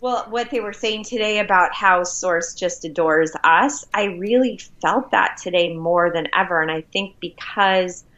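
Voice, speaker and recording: A woman's voice: lowish voice, unhurried, few pauses, a bit bright. Earnest woman with a lo-fi sound. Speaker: podcast co-host. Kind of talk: casual personal sharing. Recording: dull lo-fi sound.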